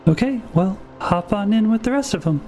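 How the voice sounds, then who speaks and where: A man's voice: high voice, animated, fairly quick, dark tone, soft background music. A man speaking in character in a tabletop game, polite and dry, sometimes correcting his own words. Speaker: player. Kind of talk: casual in-character play.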